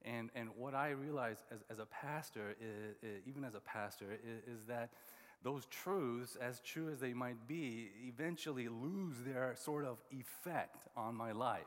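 A man's voice: medium pitch, measured pace. A man preaching a sermon as a pastor, conversational and full of restarts and repeated words. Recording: long hall reverb.

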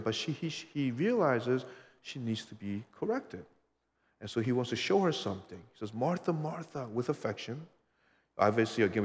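A man preaching as pastor, earnest and emphatic, leaning on rhetorical questions. His voice sits at an ordinary middle pitch. The sound trails off in the long reverb of a large hall. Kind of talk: sermon.

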